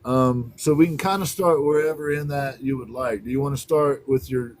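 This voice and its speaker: A man hosting an interview, asking gentle and hesitant questions. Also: medium pitch, moderate pace, dry recording. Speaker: host. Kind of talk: casual interview.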